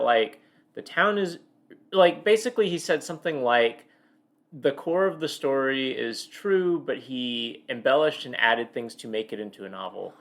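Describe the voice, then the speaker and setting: This is a man of medium pitch with a slightly bright voice, a co-host on a book podcast. His casual talk wanders through long, loose sentences, heavy with fillers and frequent restarts.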